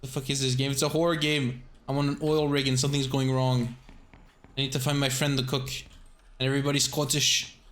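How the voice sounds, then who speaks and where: A man's voice: mid-range voice, flat delivery, fairly quick, fairly bright tone. A man streaming a horror game, chatting casually and joking, with a rambling, swearing way of talking. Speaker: streamer, sound designer. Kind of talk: casual gameplay commentary.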